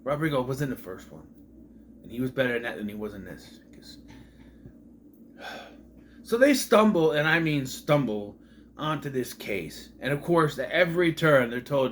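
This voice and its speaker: A man's voice: on the high side, big pitch swings, moderate pace, a bit bright, slight background noise. A man giving a casual, opinionated movie review, ranting with sarcastic and exasperated asides.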